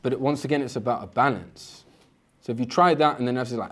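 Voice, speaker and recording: A man giving an informal spiritual lecture. He talks conversationally and often repeats a word at the start of a phrase. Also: fast. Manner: acts out inner voices with sudden pitch jumps. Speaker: Islamic teacher.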